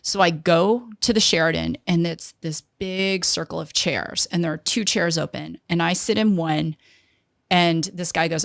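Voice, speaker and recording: A middle-aged woman recounts a story in an interview, animated and vivid, slipping into the voices of the people she quotes. Her voice sits low with a gravelly fry, and the sound is close and dry. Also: normal speed, dry recording. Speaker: guest, entrepreneur.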